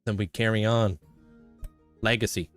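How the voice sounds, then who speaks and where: A young man livestreams a game with soft music in the background, his voice on the low side, steady in tone and unhurried. Laid-back, he chats casually with live viewers while playing, thanking and greeting them by name.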